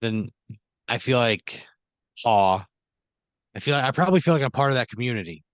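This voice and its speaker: A man taking part as a player in an improvised story game, thinking out loud and swearing in disbelief. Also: medium pitch, lively intonation, fast talker, no echo. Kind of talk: casual improvised role-play.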